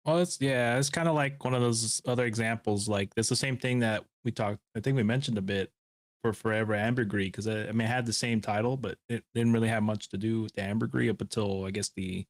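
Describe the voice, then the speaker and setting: A man's voice: on the low side, fairly even intonation, brisk, no room sound, studio quality. A man co-hosting a podcast in casual chat, easygoing and agreeable as he adds his take on an episode. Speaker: podcast co-host.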